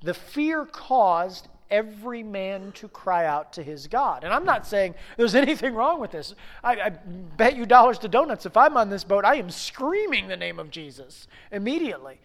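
A man's voice: high voice, sing-song, normal speed, few pauses, fairly bright tone. A man in his thirties preaching a sermon as pastor, conversational, with many rhetorical questions to the congregation.

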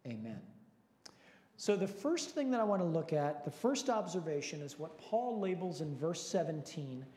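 A man's voice: on the high side, lively intonation, moderate pace, a little mellow. Earnest male pastor in echoey hall. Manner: earnest, questioning, lightly joking. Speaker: pastor leading Bible study. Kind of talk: teaching sermon with prayer and questions. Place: large hall with long reverb.

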